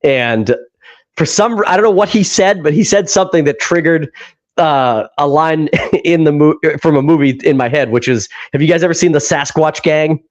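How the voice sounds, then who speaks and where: A podcast co-host with a fairly high-pitched male voice talks at a moderate pace in a casual chat. He laughs often, swears freely, and acts out movie scenes while retelling them.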